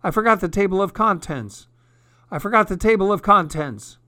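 A man's voice: on the high side, moderate pace, a bit bright, no echo, lightly acted. A worried, fussy storybook narrator hurries his warning, voice lifted and flustered, as a man puts him on. Dry, close sound. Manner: flustered urgent repeating.

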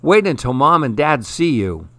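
A man's voice: a little high, very animated, moderate pace, fairly bright tone, no room sound. A man voicing a timid, nervous young girl in a storybook.

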